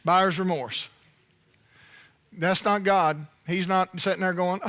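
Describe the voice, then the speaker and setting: A man delivers a sermon in a high, bright voice. He preaches in a loose, conversational way and keeps turning to the congregation with playful asides. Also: fairly even intonation, takes it slowly, pauses often. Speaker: pastor.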